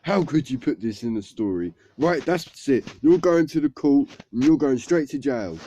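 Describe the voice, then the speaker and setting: A stern police officer, his voice lifted above the teller's usual, questioning and then laying down the law, as a man acts him out in a story. The sound is dark, dry and lo-fi. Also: mid-range voice, sing-song, fairly quick, a little hiss or hum, close to an everyday voice. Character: male police officer, firm then scolding. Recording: dull lo-fi recording.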